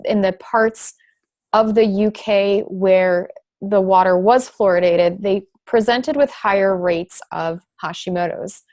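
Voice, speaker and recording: Speaking slowly in a medium-pitched, darkish voice with fairly even intonation, this woman is a thyroid specialist pharmacist guesting on a podcast. Her thoughtful explanations come with frequent fillers and restarts and an occasional light sarcasm.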